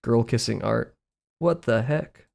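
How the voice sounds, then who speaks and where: A man's voice: medium pitch, slow pace, vocal fry, darkish tone. A young man with a Southern US accent, thinking aloud in a casual live stream as he draws, rambling and self-deprecating and often chuckling. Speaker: art streamer.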